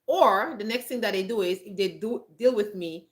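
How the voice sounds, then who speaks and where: A woman's voice: mid-range voice, normal speed. A woman giving blunt, emphatic advice straight to camera on a countryside homestead, laughing often, with a frog in her throat. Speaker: homestead vlogger. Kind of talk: direct-to-camera advice talk.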